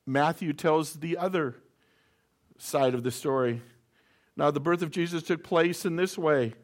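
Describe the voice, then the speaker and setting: A man's voice: a little high, unhurried. A middle-aged man preaching a sermon, reading scripture aloud and explaining it in a conversational way with stories from home. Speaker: pastor.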